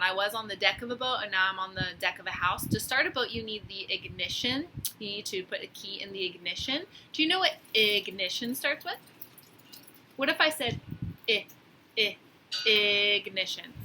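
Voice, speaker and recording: A woman teacher giving a phonics lesson to young children, slowly sounding out letters with encouragement, outdoors on a deck. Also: medium pitch, animated, low-quality recording. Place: outdoors on a deck by a lake, rain starting. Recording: loud outdoor noise.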